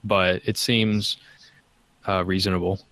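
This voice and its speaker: A man on a casual podcast, explaining a point in a measured, hedging way. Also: deep voice, little pitch movement, a bit bright.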